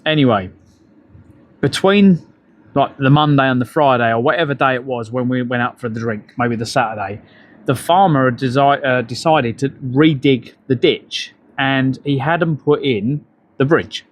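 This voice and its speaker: Middle-aged male streamer, mid-pitched, sweary, rambling anecdotes, outdoors on a bike ride. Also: normal speed. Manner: profane, rambling storyteller. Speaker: livestreamer. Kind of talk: casual live-stream chat.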